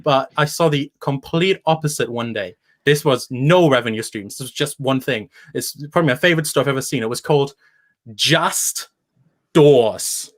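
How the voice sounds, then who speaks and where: A young man from Germany, doing a stand-up set with dry, deadpan jokes after chatting with the host. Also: medium pitch, fairly quick, hardly any pauses. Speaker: stand-up comedian. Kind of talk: stand-up set and casual chat.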